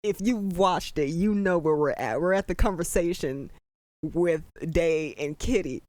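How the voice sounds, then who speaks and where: A reaction commentator at home at night, talking in animated, disbelieving exclamations while trying to keep the voice down. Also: mid-range voice, measured pace, no echo. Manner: holding the voice down at night. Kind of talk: excited first-watch reaction commentary.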